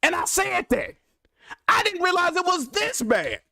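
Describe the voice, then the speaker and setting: Young man, gaming stream rant, high lively voice, bright, exasperated, dry close mic. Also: unhurried, vocal fry, no echo. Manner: exasperated, profane, swings loud and quiet.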